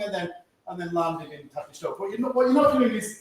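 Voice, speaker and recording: A man's voice: high voice, animated, fairly quick, a little mellow. A man teaching a karate class, giving instructions and checking in with a frequent "yeah?". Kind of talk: teaching a martial arts class. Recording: echoey room from a distance.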